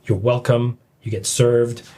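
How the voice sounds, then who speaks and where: A man talking as a podcast guest in a relaxed, easygoing way with many pauses and ums. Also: mid-range voice, slight background noise. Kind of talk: casual chat.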